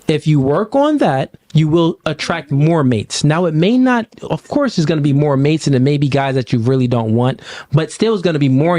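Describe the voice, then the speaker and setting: A man's voice: fairly high pitch, a little mellow. A man hosting a podcast, giving a guest blunt, lecturing advice. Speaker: podcast host. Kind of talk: podcast conversation.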